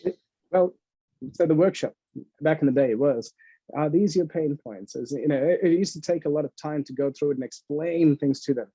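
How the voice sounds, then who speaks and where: Animated storytelling man, dark muffled tone. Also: a little high, a little fast, slightly rough, no room sound. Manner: animated storyteller who laughs often and acts out quotes. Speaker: entrepreneur guest. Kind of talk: casual podcast interview storytelling.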